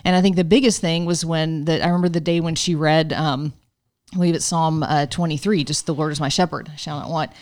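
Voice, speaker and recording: Lower-voiced woman telling a faith story. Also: brisk. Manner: animated storyteller, mimics a friend's broken English. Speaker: guest missionary. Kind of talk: casual conversation.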